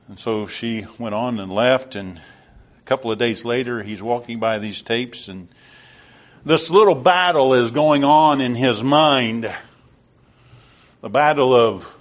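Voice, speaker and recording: Slow-talking guy preaching, deliberate storytelling, muffled lo-fi sound. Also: medium pitch. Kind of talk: sermon storytelling.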